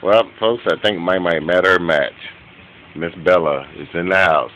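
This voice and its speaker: A man filming his dogs at home on a handheld camera, giving an excited, laughing, profane running commentary that turns quieter near the end. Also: moderate pace, a little hiss or hum, poor audio. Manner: quieter and lower toward the end. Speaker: dog owner filming his pets. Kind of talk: casual home video commentary. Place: room in a home with a bed.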